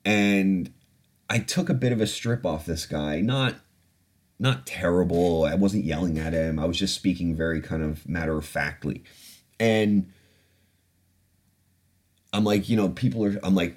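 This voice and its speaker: Very deep-voiced man telling a story. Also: a little slow, pauses often. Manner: candid and profane, reflecting aloud. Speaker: podcast host. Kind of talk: casual storytelling.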